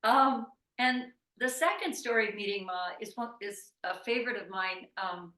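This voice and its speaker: A woman's voice: mid-range voice, normal speed, sharp tone, far from the mic. A woman hosting a satsang, earnestly introducing stories and reading an interview account aloud. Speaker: satsang host. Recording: roomy echo, voice away from the mic.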